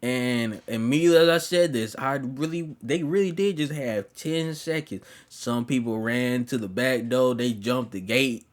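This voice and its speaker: A man's voice: medium pitch, unhurried, hardly any pauses. A young man casually telling a story, slangy and profane, rambling along.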